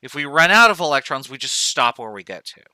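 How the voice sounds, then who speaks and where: A man's voice: medium pitch, very animated, brisk, pushed and bright, clear, resonant tone, no room sound. A man teaching chemistry in a recorded lecture, talking through each step aloud, counting as he goes and correcting himself along the way. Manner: talks through steps aloud, counting dots, with self-corrections. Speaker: chemistry professor.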